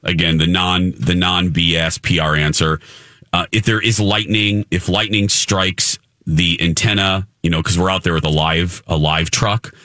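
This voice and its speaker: A man's voice: sits low, steady tone, unhurried, pushed and bright, no room sound, clean studio sound. A man hosting a morning radio show, chatting casually and playfully with his co-hosts.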